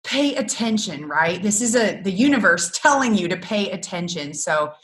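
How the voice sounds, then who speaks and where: Animated middle-aged woman telling stories. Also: mid-range voice, moderate pace. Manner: animated storyteller, laughs often. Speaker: guest, business coach for photographers. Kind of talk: casual interview chat.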